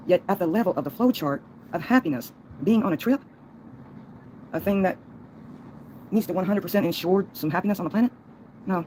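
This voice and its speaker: A woman's voice: lowish voice, a little mellow, slight background noise, rough recording. A woman livestreaming a long, folksy, rambling monologue, laughing between thoughts.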